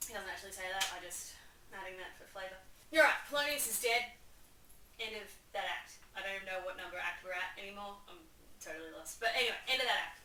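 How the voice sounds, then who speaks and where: A woman's voice: medium pitch, fast talker, bright, forceful tone, reverberant, distant mic, a little hiss or hum, poor audio. A young woman hosting a video, giving an enthusiastic, sarcastic, chatty summary. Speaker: video host. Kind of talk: casual comedic summary.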